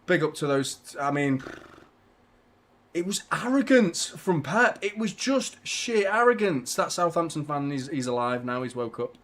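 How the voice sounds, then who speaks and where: A man hosting a live football watchalong, talking casually to his audience, often swearing and getting loud and frustrated about the match. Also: on the high side, measured pace. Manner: ranting, swearing, frustrated, shouting when excited. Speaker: football channel host.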